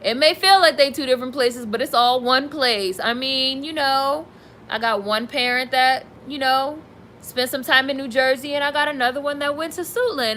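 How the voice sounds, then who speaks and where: A woman's voice: high-pitched, normal speed, sharp tone, slight background noise, rough recording. A young woman streaming live, reading viewer comments and reacting with candid, sassy asides. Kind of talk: casual live-stream chat.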